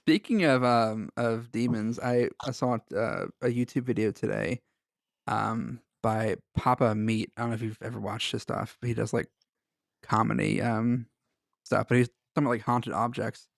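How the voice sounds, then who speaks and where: Gravelly-voiced man, casual podcast host. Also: mid-range voice, steady tone, normal speed, no room sound, clean studio sound. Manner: joking, rambling, laughs often. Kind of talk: casual podcast chat and story reading.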